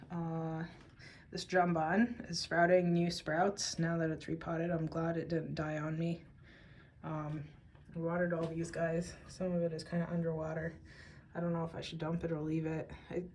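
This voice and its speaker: Woman vlogger, weary and a bit breathless, lowish voice, rambling chat, faint hiss in the background. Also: little pitch movement, moderate pace, poor audio. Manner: soft, meandering, many fillers. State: tired, out of breath. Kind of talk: casual plant-care vlog. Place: home among houseplants, indoors.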